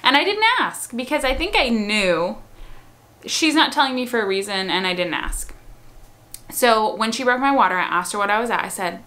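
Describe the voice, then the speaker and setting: A woman's voice: a little high, animated, moderate pace, pushed and bright. A woman casually telling her own birth story to viewers, with a chatty, rambling delivery full of "um" and "like.". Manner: chatty, with frequent "um" and "like".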